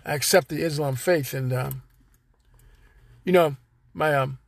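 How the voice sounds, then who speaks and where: A man's voice: fairly high pitch, a little slow, creaky, no echo. A man hosting his own podcast, rambling and joking in loose slang straight to his listeners. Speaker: podcast host. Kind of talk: casual solo monologue.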